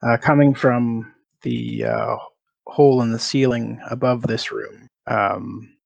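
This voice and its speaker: Man, game master, narrating tabletop game, slow measured delivery, gravelly fry. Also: medium pitch, no echo, lo-fi sound. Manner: measured, describing scenes and asking for rolls.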